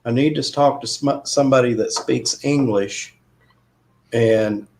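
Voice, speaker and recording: A man's voice: medium pitch, unhurried, a little mellow. A man hosting a casual chat with friends, telling stories and laughing at them. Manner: laughs at his own stories.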